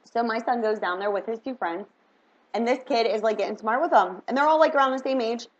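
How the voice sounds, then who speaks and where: A middle-aged woman telling a story in a casual, animated vlog, chatty and full of "like" and "right?". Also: on the high side, brisk. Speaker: vlogger. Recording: dull lo-fi recording.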